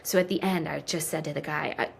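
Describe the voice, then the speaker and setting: A woman in her thirties with a lower-pitched voice shares a personal story as a podcast guest. She talks with strong feeling and acts out the dialogue as she goes. A faint hiss of background noise sits under the recording. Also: fast, gravelly. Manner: emotional, animated storyteller who acts out quoted dialogue. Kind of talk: interview storytelling.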